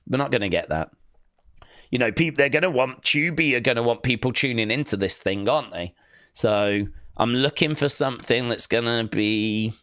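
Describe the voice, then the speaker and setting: A man's voice: medium pitch, a bit bright, no room sound, studio quality. A man hosting a casual live watch-along stream, chatting loosely and reading viewer comments aloud.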